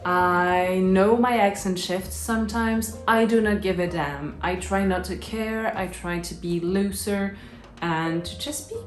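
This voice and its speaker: A woman's voice: medium pitch, measured pace, roomy sound, faint music behind. A woman who is a native French speaker chats casually to camera in English, with a French accent that drifts between British and American and an upbeat, chatty manner. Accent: French, shifting between British and American. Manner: upbeat and chatty, with frequent restarts. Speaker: illustrator and YouTuber.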